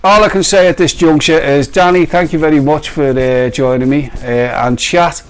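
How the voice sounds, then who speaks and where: A man's voice: fairly high pitch, steady tone, moderate pace, smooth. A man with a Black Country accent, co-hosting a live stream in rambling, jokey casual banter and laughing often. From English Midlands. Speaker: co-host of a vaping live stream.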